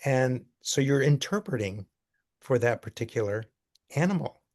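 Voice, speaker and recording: An older man telling a story in a casual talk, earnest and halting, with many fillers. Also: medium pitch, animated, darkish tone. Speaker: speaker taking questions.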